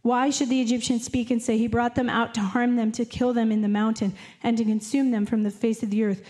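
Preaching a sermon, a woman reads scripture aloud earnestly, slowing down to dwell on key phrases. Her voice is a little high and warm, with a flat delivery.

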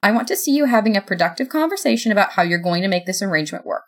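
A woman's voice: medium pitch, lively intonation, racing, natural voice. A woman voicing God as a harried middle-aged woman, talking in a curt, businesslike, commanding way. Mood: brisk bossy.

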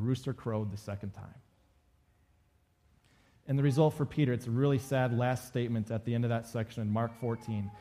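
A man's voice: medium pitch, brisk, dark tone. A male pastor giving a conversational sermon and acting out quoted lines from the story.

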